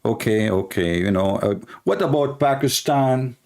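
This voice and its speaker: A man ranting through an online commentary in a blunt, mocking way. He repeats his points, slips in insults and drops his voice low for asides. His pitch sits at an ordinary middle level. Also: lively intonation, a little slow, a little mellow.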